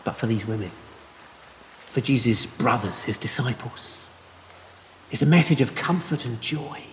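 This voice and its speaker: Gentle preacher in a reverberant hall. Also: male voice, mid-range voice, expressive, a little slow, a little hiss or hum. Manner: gentle, conversational explaining with soft laughs. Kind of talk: sermon.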